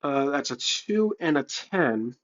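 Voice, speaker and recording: A man's voice: on the high side, sing-song, slow pace, highs cut off. A man playing a solo tabletop game, thinking aloud with fillers and self-corrections as he writes and rolls dice. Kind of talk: casual solo game narration. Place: home room with a cat.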